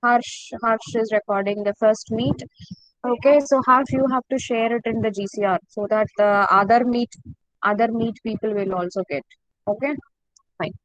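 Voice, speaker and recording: A woman teacher, speaking in a slightly high voice over a video call. She repeats each word slowly and patiently for her students. The sound is dry and close, with no room echo. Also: fairly even intonation. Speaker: French teacher. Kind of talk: online class lesson.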